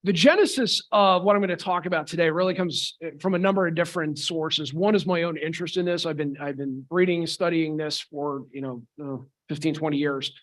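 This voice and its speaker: A man's voice: on the high side, a little fast, few pauses, a bit bright. A man giving a conference talk in a conversational way, often restarting with repeated words. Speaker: conference speaker.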